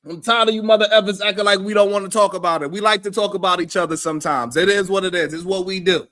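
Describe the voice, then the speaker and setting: High, bright-voiced man ranting. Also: fast. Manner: animated, profane, laughs often. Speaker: live-stream commentary host. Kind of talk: casual reaction commentary.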